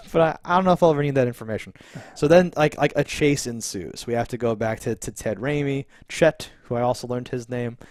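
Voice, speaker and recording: A man co-hosting a casual TV review chat, animated and laughing often as he acts out scenes. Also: medium pitch, brisk, no echo, studio quality. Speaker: podcast co-host.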